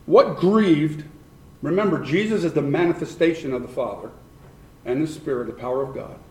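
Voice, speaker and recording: A man's voice: a little high, moderate pace, a little mellow. A man preaching a sermon who keeps questioning his congregation and repeats points for emphasis. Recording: echoey room.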